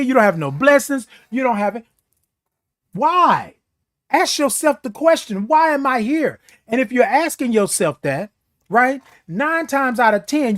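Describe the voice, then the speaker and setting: A man delivers a motivational morning talk in a high voice that leaps up and down in pitch. He preaches in repeated phrases and throws in playful beeping noises. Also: fairly bright tone. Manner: preachy, repetitive, makes beeping sounds. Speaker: host. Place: seated in a chair.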